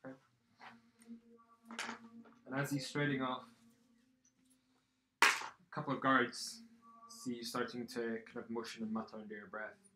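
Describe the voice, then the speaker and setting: A man narrating as game master of a tabletop game, pausing often with ums and uhs. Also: medium pitch, fairly even intonation, noisy background. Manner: hesitant, many ums and uhs.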